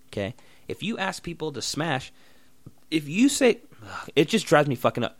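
A man's voice: fairly high pitch, wildly swooping pitch, a little slow, gravelly, no room sound. A young man hosting a solo podcast, ranting bluntly and sarcastically with lots of swearing. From Oregon. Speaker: podcast host.

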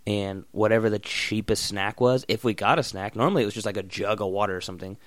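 A young man in a casual, profane rant, blunt and loud in bursts, then muttering. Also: lowish voice, steady tone, quick pace, dry recording. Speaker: vlogger.

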